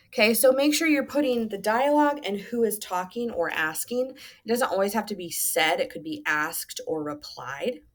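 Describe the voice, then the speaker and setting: A woman teacher giving a recorded lesson to students, patient and instructive, with frequent "um" fillers. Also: fairly low pitch.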